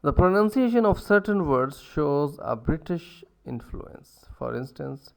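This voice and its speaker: Slow, halting male lecturer with gravelly voice. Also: on the high side, lively intonation, darkish tone. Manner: halting, many uh fillers and self-corrections; repeats words to demonstrate pronunciations. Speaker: university lecturer. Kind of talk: recorded lecture.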